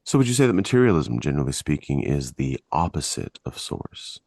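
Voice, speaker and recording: A man hosting an interview, asking calm, attentive questions. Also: rumbling low, a little fast, gravelly, dry recording, clean studio sound. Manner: calm, attentive, quietly affirming. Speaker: podcast host.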